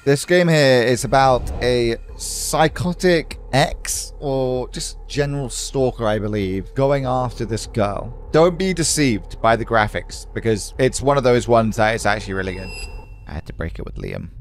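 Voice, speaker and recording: A man with an English accent giving jokey, excitable horror gameplay commentary and talking to his viewers. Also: mid-range voice, normal speed, faint music behind. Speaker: gaming YouTuber.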